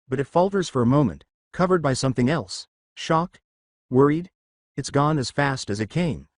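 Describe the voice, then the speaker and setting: A man's voice: mid-range voice, no echo, studio quality. Man narrating a dramatic fan story. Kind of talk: first-person fan fiction narration.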